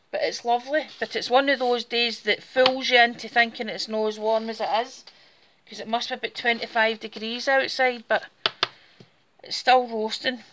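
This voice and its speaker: A woman's voice: fairly high pitch, fairly bright tone, slight background noise. A woman with a Scottish Borders accent, chatting casually through a step-by-step craft demonstration while she works with her hands. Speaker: craft tutorial host.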